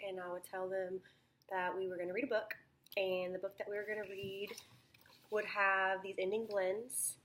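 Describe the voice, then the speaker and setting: A woman's voice: medium pitch, level tone, moderate pace, fairly bright tone. A young woman talking through a phonics lesson plan as a student teacher, thinking aloud with many ums and restarts.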